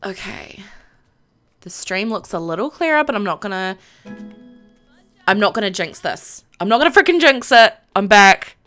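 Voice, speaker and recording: Streamer girl all flustered, lots of oh my gosh, bright lively voice. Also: medium pitch, moderate pace, long pauses, faint music behind. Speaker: live streamer. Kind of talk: casual live-stream chat.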